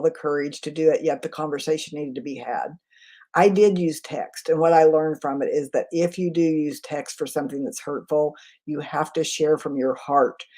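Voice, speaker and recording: A woman communication trainer in a live webinar, answering chat questions in a quick, conversational way. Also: sits low, dark tone. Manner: quick, conversational, self-aware.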